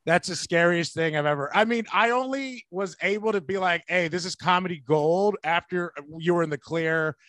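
A man's voice: high-pitched, normal speed, few pauses, a bit bright, no room sound. A man, a stand-up comedian, joking playfully in casual podcast chat and laughing often.

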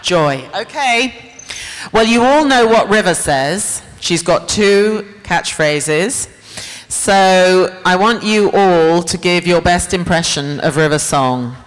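Slow-talking stage host in an echoey hall. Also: medium pitch. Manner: playful, laughing, calls out to the crowd. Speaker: convention panel host running audience games. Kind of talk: lively stage hosting with an audience. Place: large convention hall stage. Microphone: handheld stage mic. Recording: echoey hall with a live crowd and faint noise.

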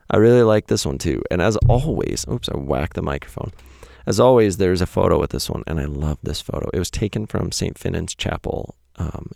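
A man's voice: low voice, vocal fry, a little mellow, dry recording, studio quality. A man hosting his own podcast, reading a personal essay aloud in a reflective, candid way. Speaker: podcast host. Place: home in Montana.

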